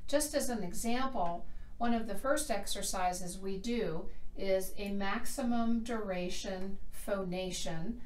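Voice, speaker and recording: A woman working as a speech language pathologist, calmly and clearly explaining the steps of a therapy program. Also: mid-range voice, takes it slowly. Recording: roomy, from a distance.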